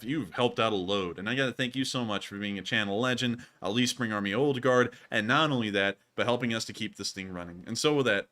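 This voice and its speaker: A young man hosting a live news stream, talking in an excitable, rambling way with lots of "like". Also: mid-range voice. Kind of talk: casual live-stream chat.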